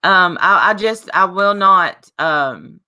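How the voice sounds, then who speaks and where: A woman's voice: lowish voice, expressive, slow pace, pushed and bright. A woman hosting a live call-in stream, talking casually and bluntly, rambling with restarts and fillers. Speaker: live show host.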